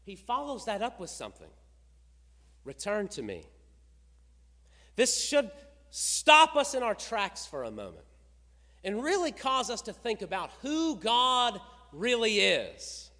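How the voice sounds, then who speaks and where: Middle-aged male pastor, high and lively voice, sermon delivery in a big echoing church. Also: a little slow. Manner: preaching with rising emphasis, rhetorical questions. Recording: reverberant hall.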